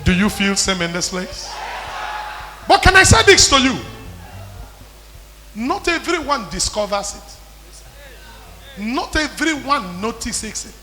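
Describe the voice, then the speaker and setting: A man preaching a sermon as pastor, in impassioned call-and-response that builds to shouting. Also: extremely high pitch, very animated, slow, long pauses, faint music behind. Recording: long hall reverb.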